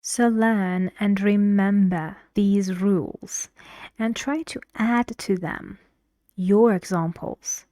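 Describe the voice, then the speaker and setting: A woman's voice: medium pitch, fairly even intonation, takes it slowly, dark tone, no room sound, studio quality. A woman teaching an English pronunciation lesson, explaining stress rules patiently with examples.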